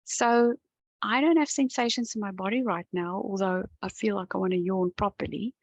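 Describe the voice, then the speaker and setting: A woman leads a tapping session in a calm, unhurried way, her voice gravelly and a little husky. She speaks close to a dry-sounding mic with no room echo, stopping now and then to yawn or sigh as she relaxes. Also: medium pitch. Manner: gentle, calm, talks the viewer through each step. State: yawning and sighing as she relaxes. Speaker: EFT tapping coach. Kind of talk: guided tapping session to camera.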